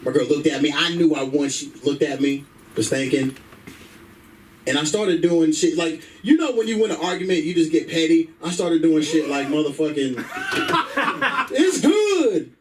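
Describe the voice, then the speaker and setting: A man's voice: fairly high pitch, steady tone, moderate pace, recorded from a distance, slight background noise, low-quality recording. A man doing a stand-up comedy set on a comedy club stage through a stage microphone, telling stories in a brash, profane way.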